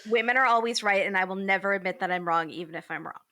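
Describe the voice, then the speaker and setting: A woman guest on a podcast, chatting casually and frankly about a reality TV show with quick, joking opinions. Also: mid-range voice, pushed and bright, no room sound.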